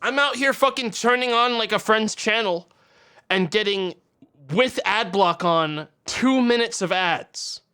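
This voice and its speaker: A man's voice: high-pitched, a little slow, sharp tone, clean tone. A man streaming live, ranting with exasperation and heavy swearing to his chat. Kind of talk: angry live-stream rant.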